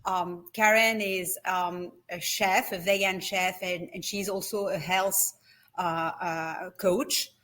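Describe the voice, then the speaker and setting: A woman's voice: lowish voice, fairly even intonation, takes it slowly, fairly bright tone. A middle-aged woman with a French accent, talking hesitantly with many fillers as a guest in an interview. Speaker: wellness retreat company CEO, guest. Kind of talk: video call interview.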